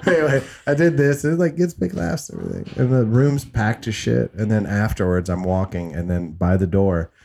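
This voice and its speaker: Husky low-voiced man telling stories. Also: fairly quick, few pauses, warm tone. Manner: swearing, rambling storyteller with restarts. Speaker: stand-up comedian. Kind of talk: casual podcast chat.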